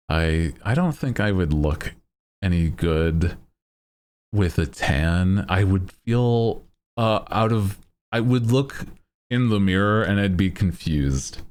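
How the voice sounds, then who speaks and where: A man's voice: low-pitched, darkish tone. A man streaming and chatting casually with his viewers in a playful, self-mocking way, laughing often. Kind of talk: casual chat.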